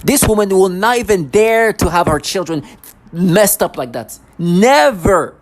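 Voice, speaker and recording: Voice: mid-range voice, normal speed. A vlogger ranting to camera in an agitated, accusatory way, full of sarcasm and stammered restarts.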